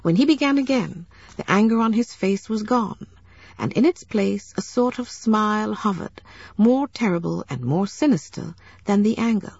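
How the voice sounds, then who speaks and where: A woman narrating a novel as an audiobook, in a measured, steady storytelling manner, in a dull lo-fi recording. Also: medium pitch, creaky, slightly rough, no room sound.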